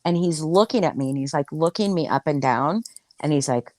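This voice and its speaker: Animated, foul-mouthed woman telling a story. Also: low-pitched, brisk, no room sound. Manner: animated, swearing, lots of fillers. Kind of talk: casual chat, crude anecdote.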